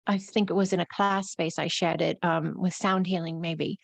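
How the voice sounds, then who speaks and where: A woman's voice: lowish voice, fairly even intonation, normal speed, gravelly, dry recording. Woman with a New York accent, teaching spirituality. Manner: flowing, repetitive spiritual phrasing. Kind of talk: live-streamed talk.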